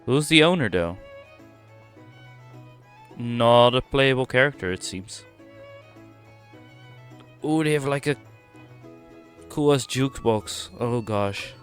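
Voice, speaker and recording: A man's voice: mid-range voice, animated, slow, pauses often, a bit bright, faint music behind. A man giving casual, laid-back gameplay commentary on a stream, mumbly at times and swearing lightly.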